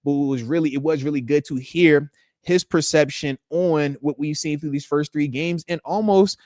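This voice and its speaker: A man in his thirties hosts a live stream, bantering loosely with viewers in animated slang. His voice sits high for a man. The sound is close and dry. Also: moderate pace, no room sound. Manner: animated, slangy, teasing, says man a lot. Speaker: live show host, retired football player. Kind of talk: casual live-stream chat reading comments.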